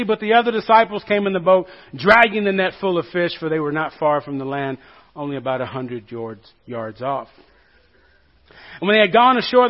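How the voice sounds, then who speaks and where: A male pastor preaching a sermon to a congregation in a church, conversational and joking, often asking the listeners questions. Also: high voice. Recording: dull lo-fi recording.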